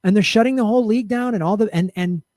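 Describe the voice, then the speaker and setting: A man's voice: high voice, quick pace, a little mellow, dry recording. A middle-aged man hosting a podcast, delivering a fired-up, profane political commentary rant. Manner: impassioned, profane, emphatic. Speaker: podcast host.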